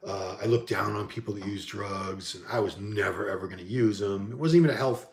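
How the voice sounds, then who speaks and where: A bodybuilding vlogger from the Boston area chats casually about his past in the sport and reads viewer comments aloud. Candid and self-deprecating, he often trails off and starts again, his fairly low voice moving fairly quickly in an echoey room.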